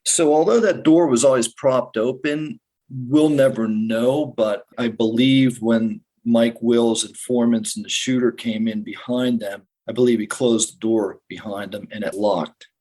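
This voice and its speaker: A middle-aged man tells in the present tense how he survived a shooting, sometimes rushing ahead and sometimes slowing down heavily. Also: medium pitch, mellow, low-quality recording. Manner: vivid present-tense retelling, sometimes rushed, sometimes slow and heavy. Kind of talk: first-person podcast storytelling.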